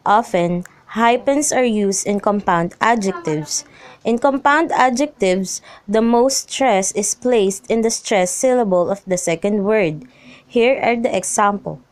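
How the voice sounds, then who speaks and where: A young woman reading a lesson script aloud, slowly and evenly, through rules and example phrases. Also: medium pitch. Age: young adult. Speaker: student presenter.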